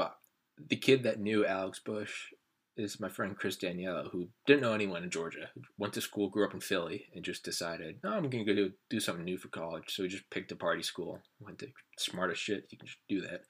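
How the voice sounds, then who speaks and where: Husky-voiced man telling animated stories. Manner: animated, acts out quoted friends with raised pitch. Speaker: podcast host. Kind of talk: casual storytelling chat.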